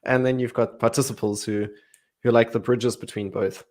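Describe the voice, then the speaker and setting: A man explaining Greek grammar in a relaxed Bible study chat, playful and laughing often. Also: medium pitch, fairly quick.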